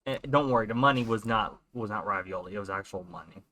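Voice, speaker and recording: A young man casually telling a funny dream story in an animated way. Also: lowish voice. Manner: animated, puts on quick character voices in quotes.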